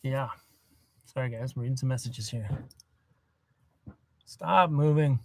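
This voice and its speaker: A man's voice: medium pitch, a little slow, darkish tone, no echo. A man chatting casually on a phone livestream from inside his parked van, rambling and laid-back. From Canada. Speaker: van life vlogger. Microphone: cell phone.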